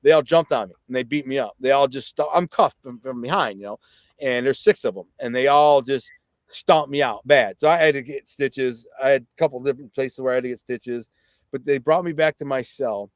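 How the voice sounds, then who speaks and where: A man's voice: mid-range voice, brisk, no echo. A man guest telling a personal story in blunt, plainspoken street talk. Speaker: podcast guest.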